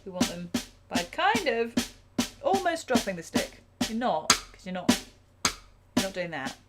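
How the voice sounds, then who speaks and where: A woman teaching a live drum lesson, chatty and self-deprecating, counting beats out loud. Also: mid-range voice, very animated, a little slow, loud music behind the voice. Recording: drum kit playing loudly behind.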